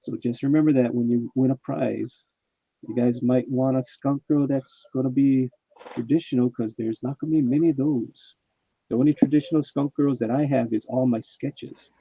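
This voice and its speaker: A man's voice: mid-range voice, steady tone, moderate pace, breathy edge, dry recording. A man hosting a casual live stream, chatting and reading viewers' chat messages aloud. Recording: muffled, dull mic sound.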